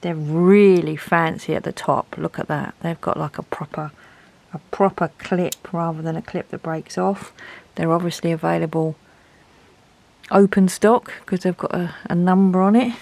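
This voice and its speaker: Chatty woman with a gravelly voice. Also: lowish voice, steady tone, normal speed, a little mellow, low-quality recording. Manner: chatty, thinking aloud while testing. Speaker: art supply reviewer. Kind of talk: casual product review.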